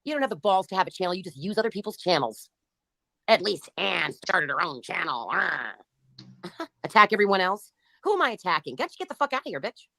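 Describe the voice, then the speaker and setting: Fast, lively, taunting woman host. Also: fairly low pitch, gravelly, no room sound. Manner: taunting, mocking, profane; reads out and answers chat comments. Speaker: livestream host. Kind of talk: commentary on livestream chat.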